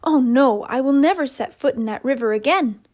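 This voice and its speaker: Weepy shy little bear cub, small whiny voice, highish, woman voicing him. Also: moderate pace, a little mellow. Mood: plaintive.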